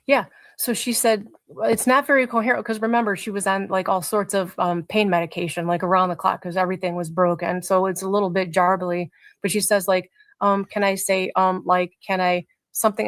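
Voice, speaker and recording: A woman's voice: mid-range voice, little pitch movement, a little fast, dry recording. A middle-aged woman, a mother being interviewed on a casual livestream over a video call, rambling with many filler words. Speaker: mother of a teenager, interview guest.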